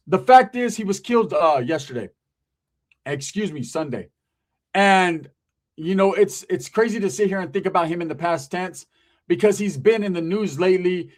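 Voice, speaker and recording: A man hosting a casual commentary monologue, talking in a loose conversational way, often asking "right?" and correcting himself. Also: high-pitched. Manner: conversational, frequent "right?" asides, profanity, self-corrections. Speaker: commentary channel host.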